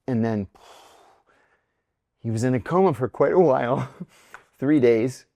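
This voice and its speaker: A man's voice: medium pitch, expressive, a little slow, long pauses, mellow, no echo, studio quality. Candid middle-aged man telling stories. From near Pittsburgh, United States. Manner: vivid anecdotes, acts out quoted voices. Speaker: podcast guest, former intelligence officer. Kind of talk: candid storytelling in conversation.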